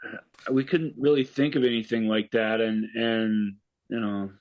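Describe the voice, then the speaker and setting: A man's voice: on the low side, a little slow, lo-fi sound. A man co-hosting a movie podcast, telling stories in a rambling, casual way with many restarts. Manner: rambling storyteller, frequent restarts and fillers. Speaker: podcast co-host. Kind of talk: casual chat about movies.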